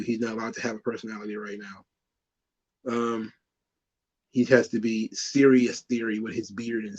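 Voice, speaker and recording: A man's voice: medium pitch, lo-fi sound. A man hosting a casual talk show, rambling and cursing, laughing often as he tells stories. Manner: rambling, profane, laughs a lot. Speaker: podcast host. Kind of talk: casual wrestling commentary.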